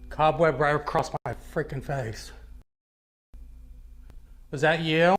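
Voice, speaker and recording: A man investigating a dark, cold old building alone, talking in a hushed, jumpy way and calling out to unseen spirits. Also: a little high, steady tone, slow pace. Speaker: paranormal investigator. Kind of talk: ghost-hunting narration and calling out to spirits.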